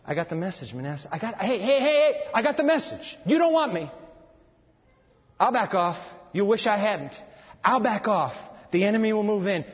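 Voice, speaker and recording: A male preacher voicing God as a weary but tender deity, talking confidingly and dropping to a hushed near-whisper. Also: high-pitched, expressive, fairly quick. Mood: exasperated. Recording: lo-fi sound in a long-reverb hall.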